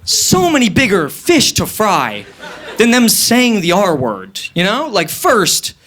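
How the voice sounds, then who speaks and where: A man's voice: sits high, wildly swooping pitch, takes it slowly, a bit bright. A young man in his twenties doing stand-up comedy on stage before a live audience, rambling and profane.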